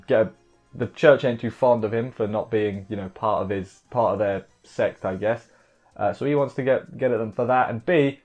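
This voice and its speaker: A man talks through an anime episode in a loose, meandering way, hedging his guesses and correcting himself as he goes. His voice sits at a middling pitch. The audio is a little dull and lo-fi, with quiet music underneath. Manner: rambling, hesitant, with many fillers and self-corrections. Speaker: anime reviewer. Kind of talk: casual episode recap and commentary.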